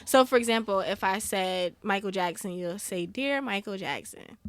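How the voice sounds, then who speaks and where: A woman hosting a casual podcast chat, running a question game with a guest, playful and quick to laugh. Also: medium pitch, dry recording. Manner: playful, laughs often, dialect speech. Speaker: podcast host.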